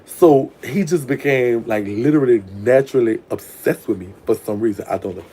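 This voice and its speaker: New guy spilling a story, cussing a lot, mellow soft tone, a bit of hiss. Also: medium pitch, normal speed. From New Orleans. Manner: frank, profane, chatty, with laughs. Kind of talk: casual storytime monologue.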